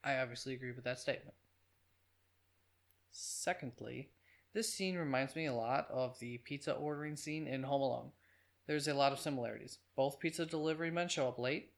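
A man's voice: medium pitch, fairly quick, creaky. Chatty man reviewing a film. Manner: chatty, offhand asides. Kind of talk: casual film review narration.

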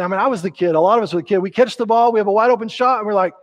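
A man, a pastor preaching a conversational sermon in a church, growing animated as he acts out quotes. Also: high-pitched, rapid-fire, few pauses. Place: church sanctuary.

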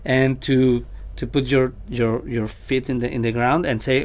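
A man who is a vocal coach, guesting on a casual podcast and talking in a halting, animated way with many restarts. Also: medium pitch.

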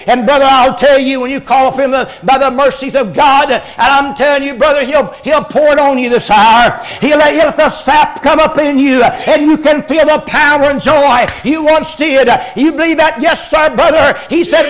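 A man preaching a revival sermon, fervent, shifting between loud shouting and quiet murmurs. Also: very high voice, steady tone, moderate pace, hardly any pauses, rough recording.

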